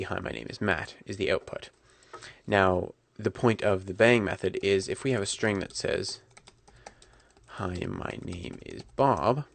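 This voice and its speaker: Low gravelly man teaching code. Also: a little hiss or hum. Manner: relaxed, self-correcting, talks while typing. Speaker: programming instructor. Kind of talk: screencast coding tutorial.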